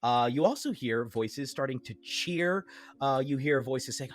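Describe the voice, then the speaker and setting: A man's voice: mid-range voice, animated, a little slow. A man running a tabletop game as game master, narrating casually with lots of hesitant uhs and likes.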